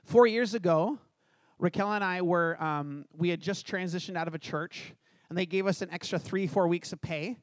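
This pastor, a middle-aged man from Canada, speaks at normal speed in a high voice while delivering a sermon. He spins a funny personal anecdote, animatedly performing each line of dialogue and poking fun at himself. Studio-quality audio, no room sound.

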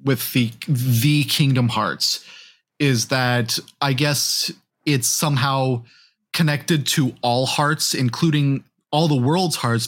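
A man's voice: mid-range voice, fairly bright tone. A man co-hosting a casual game podcast, musing aloud and hedging his points. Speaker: podcast co-host. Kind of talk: casual chat.

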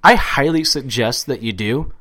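A man co-hosting a podcast in casual sports chat, excitable and swearing a lot, full of "like" fillers. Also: medium pitch, normal speed. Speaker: podcast co-host.

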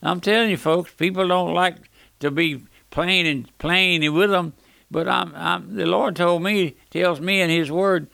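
A man's voice: high-pitched, fairly even intonation, measured pace, vocal fry, sharp tone, no room sound. A man preaching an emphatic, fiery radio sermon with folksy asides.

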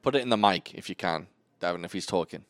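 A man's voice: deep voice, fast, a bit bright, no room sound. A man hosting a podcast, recapping a film in a chatty, joking way. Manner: chatty, jokey, meandering recaps. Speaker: podcast host. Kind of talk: casual film discussion.

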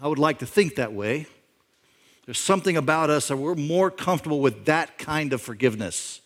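A middle-aged male pastor giving a sermon, telling a story conversationally, with lines that climb louder and higher for emphasis. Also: animated, normal speed. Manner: conversational storytelling, imagining a backstory aloud; rises in pitch and volume for emphasis.

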